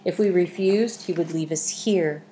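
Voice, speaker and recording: A woman's voice: on the low side, a little slow, mellow, close to an everyday voice. A woman voicing a man in striped pajamas who speaks in a grave, warning tone. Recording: echoey room, faint hiss.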